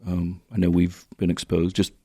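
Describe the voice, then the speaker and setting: A man's voice: sits low, monotone, normal speed, mellow, husky, dry recording. A man co-hosting a podcast, speaking thoughtfully in casual conversation and asking questions. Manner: thoughtful, asks questions, restarts often. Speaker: podcast co-host.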